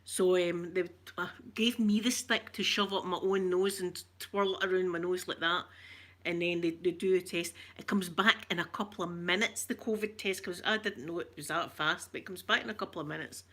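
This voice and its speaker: A woman's voice: fairly low pitch, fairly even intonation, normal speed, a bit bright. A Scottish woman telling a rambling, emotional story in casual chat and greeting viewers as she goes. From Scotland. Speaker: vlogger talking to viewers.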